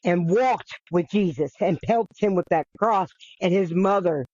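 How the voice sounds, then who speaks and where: A podcast host retells a bible story casually and earnestly in a medium-pitched, slightly mellow voice, speaking a little slowly. He restarts often, repeats himself, and swears now and then. The lo-fi recording is dull and dry, with no room sound.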